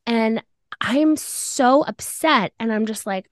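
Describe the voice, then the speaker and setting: A woman's voice: a little high, slow, no echo. Young woman gossiping on a podcast, acts out the convos, dry close mic. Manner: animated, acts out dialogue in quotes. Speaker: podcast host. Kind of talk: casual storytelling chat.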